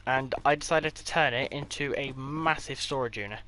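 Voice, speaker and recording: A man's voice: medium pitch, normal speed, pushed and bright. A man giving a casual, rambling tour of his game builds, with offhand delivery and dry sarcastic asides. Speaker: gaming creator.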